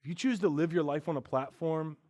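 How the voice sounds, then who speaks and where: A pastor with a high, light voice preaches briskly, speaking with earnest candor. He sinks to a hush, then climbs back up loud and animated.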